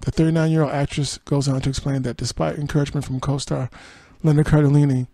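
A podcast host with a dark, gravelly voice reads entertainment headlines and quotes aloud. He drops dry, sarcastic comments between the stories. The sound is close and dry, with no room around it. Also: fairly high pitch, little pitch movement, fast talker, dry recording. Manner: reads quotes then adds dry sarcastic asides and laughs. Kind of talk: reading entertainment news with asides.

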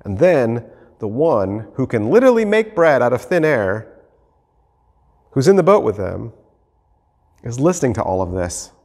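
A man preaching a sermon as pastor, reading scripture and then acting out the scene with lively shifts of voice. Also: medium pitch. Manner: animated, acts out the disciples and Jesus in quick voices. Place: church sanctuary. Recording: long hall reverb.

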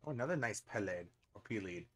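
A man's voice: on the low side, lively intonation, fast, a little hiss or hum. A man with a Canadian accent giving casual, chatty commentary over a fishing video game, breaking into frequent surprised exclamations. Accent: Canadian English. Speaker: gaming channel host.

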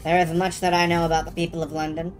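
A woman voicing a grave, mysterious ghost in a video game, reading slowly. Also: lowish voice, flat delivery, voice pushed down, natural voice. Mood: solemn. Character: solemn mysterious ghost, all-knowing.

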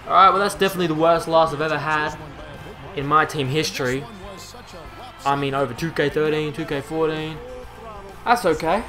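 A young man commentating his own video game match in an exasperated, swearing tone. His voice sits a little high and sounds bright and forceful. He swings from loud outbursts to low muttering while faint game music plays behind him. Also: moderate pace. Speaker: gaming commentator. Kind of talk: live gameplay commentary.

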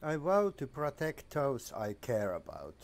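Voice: mid-range voice, very animated, unhurried. A streamer giving casual commentary while playing a game, musing aloud with hesitations.

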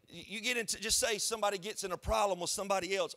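A man, a pastor preaching a sermon in a church in an animated, conversational storytelling way. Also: high-pitched, fast. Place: church sanctuary.

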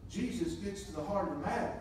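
Pastor preaching, high voice, gets loud and emphatic, echoey church picked up from far off. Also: male voice, fast talker, a little hiss or hum. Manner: builds from quiet reading to loud emphatic preaching. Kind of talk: sermon. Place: church sanctuary.

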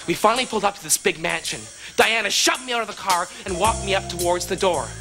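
A man telling a comic story in a wry, deadpan monologue that breaks into high exaggerated squeals. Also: quick pace, over music. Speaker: comedic monologue narrator.

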